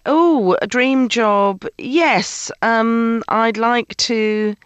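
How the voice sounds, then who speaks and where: A middle-aged British woman chatting as a radio guest, telling stories with lively acted-out voices. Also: fairly high pitch, extremely slow, smooth, no room sound. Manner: lively, animated storyteller acting out quoted voices. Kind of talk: casual chat.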